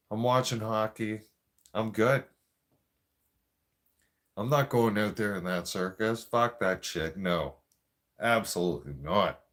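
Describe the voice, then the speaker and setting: A man's voice: lowish voice, fairly bright tone. A man telling a profane, rambling story in a casual rant. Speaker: vlogger.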